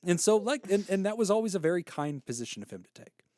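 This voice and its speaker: A man's voice: sits high, quick pace, no echo. A man in his thirties, a podcast co-host, telling a personal story in casual chat and acting out the voices he quotes. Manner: animated storyteller, acts out quoted voices, laughs easily.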